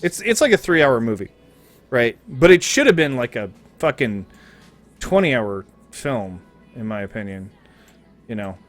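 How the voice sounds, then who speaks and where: A man's voice: medium pitch, sing-song, normal speed, faint music behind. A man streaming a game, chatting casually in a rambling, joking, profane way.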